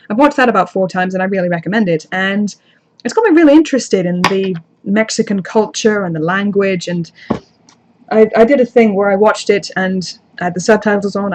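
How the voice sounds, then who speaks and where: A woman's voice: medium pitch, darkish tone. A woman YouTuber in casual live chat, answering viewer comments in a rambling, chatty way with self-deprecating asides.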